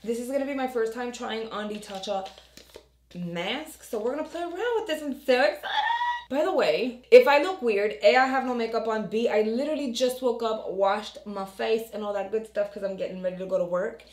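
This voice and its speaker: A woman beauty vlogger in a casual, chatty makeup tutorial, talking to the camera in her low morning voice and joking about herself. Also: a little fast, darkish tone, echoey room. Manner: chatty, self-deprecating, talks to the camera.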